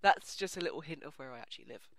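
A young adult with an English accent giving casual commentary on a horror game, easily startled into screaming and then chatting softly with viewers. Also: mid-range voice, lively intonation, rapid-fire, no echo. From England. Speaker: let's play gamer. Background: game music.

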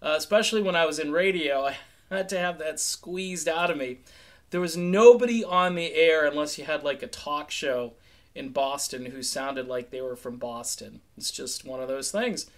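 A middle-aged man from New England hosting a casual music commentary, chatty and animated, sometimes slipping into quoted voices. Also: on the high side, moderate pace.

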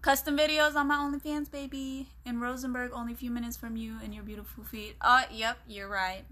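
Bright-voiced flirty woman on a livestream. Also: fairly high pitch, flat delivery, a little fast. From Philippines. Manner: flirty and teasing, often dropping to a hushed voice. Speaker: livestream host. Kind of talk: casual live-stream chat, reading comments aloud.

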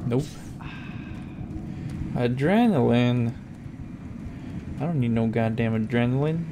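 A man commentating as he plays a video game, cursing and trash-talking the enemies, with sudden loud outbursts. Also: mid-range voice, takes it slowly. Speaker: gameplay commentator. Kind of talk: let's-play commentary. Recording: steady background noise.

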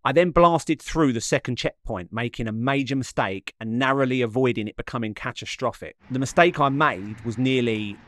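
A man narrating his run afterwards in a measured, slightly dramatic voice-over. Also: medium pitch, fairly bright tone, no echo, studio quality.

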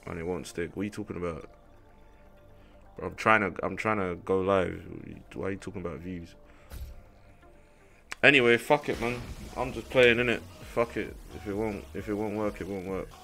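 Young male streamer, low, forceful voice, profane and irritated. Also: moderate pace, creaky, soft background music. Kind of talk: livestream chat to viewers.

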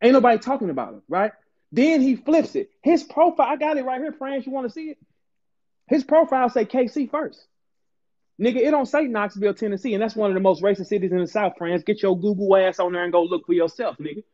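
Loud, profane St. man ranting. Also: high-pitched, lively intonation, dull audio. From St. Louis, Missouri. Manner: loud, aggressive, profane, rapid repetition. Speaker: battle rapper ranting on a stream. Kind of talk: heated profane rant.

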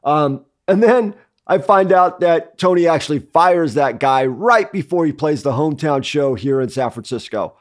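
A man with a fairly high voice tells a long, rambling story as a podcast co-host. He slips into the voices of the people he quotes and keeps the tone casual. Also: lively intonation, normal speed. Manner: rambling anecdote that acts out quoted dialogue.

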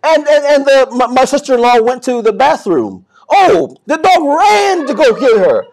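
A man preaching a sermon as pastor, swinging from soft to loud and often repeating and restarting words. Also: very high voice, big pitch swings, normal speed, vocal fry.

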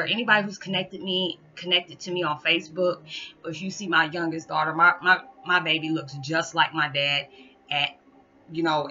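A woman's voice: low voice, sharp tone, dull audio, a little hiss or hum. A woman vlogger telling a spiritual story in a chatty, rambling way, often restarting and laughing. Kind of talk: casual storytelling monologue.

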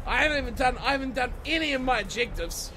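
Aussie guy with a really high voice ranting over a rugby game, game music going behind him. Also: fast. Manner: excitable, swearing and yelling at the game. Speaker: gaming channel host. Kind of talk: let's-play commentary over a rugby video game.

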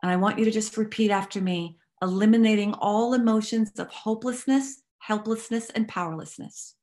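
A woman leading a guided tapping exercise, giving calm step-by-step instructions and affirmations to repeat. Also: mid-range voice, moderate pace. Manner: calm instructive guiding, repeat-after-me phrasing; affirming, uplifting delivery. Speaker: recovery workshop facilitator.

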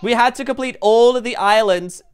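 A woman hosting a casual gameplay video, excitedly narrating what she finds and gasping at surprises. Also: a little high, normal speed, clear, resonant tone. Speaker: gaming channel host. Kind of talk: casual let's-play chat.

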